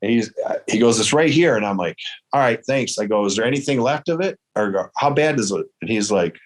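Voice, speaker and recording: A man from Michigan, telling a hunting story in casual chat, acting out the dialogue with lively quotes. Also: lowish voice, quick pace. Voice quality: hard of hearing in one ear. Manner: animated, quotes dialogue in raised voice. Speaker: guest storyteller.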